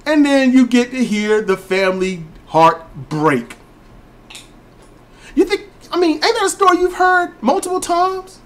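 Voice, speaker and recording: A man co-hosting a podcast, ranting and telling stories in an emphatic way. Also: measured pace. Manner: emphatic, storytelling, lively pitch swings. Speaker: podcast co-host. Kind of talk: casual ranting commentary.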